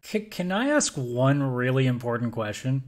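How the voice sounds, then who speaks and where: A man's voice: medium pitch, big pitch swings, normal speed. A man co-hosting a gaming podcast, arguing his opinions emphatically in casual chat. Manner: emphatic, opinionated, argues points at length. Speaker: podcast co-host.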